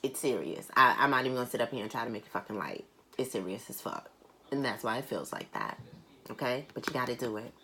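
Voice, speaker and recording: A woman giving a private tarot reading who speaks earnestly and bluntly, swearing casually, repeating phrases for emphasis and reading card text aloud slowly. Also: extremely low pitch, expressive, bright, forceful tone, slight background noise. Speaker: tarot reader.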